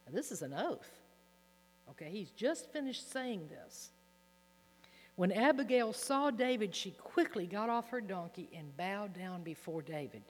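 A woman earnestly teaches from the Bible, reading passages aloud with emphasis. She's recorded in a hall where a low mains hum can be heard.

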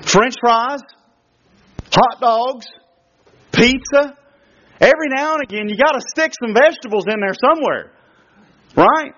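A man preaching a sermon as a guest speaker at a church service, emphatic and full of rhetorical questions. His pitch swings widely as he talks. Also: measured pace, long pauses, bright, forceful tone. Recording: lo-fi dull recording.

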